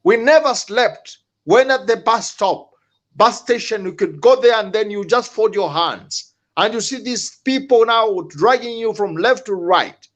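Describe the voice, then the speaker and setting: A man's voice: high-pitched, expressive, a bit bright, muffled recording. A man speaking as a panelist, impassioned, repeating himself and restarting his words. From Zambia. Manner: impassioned, repetitive, halting restarts. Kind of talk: political panel discussion.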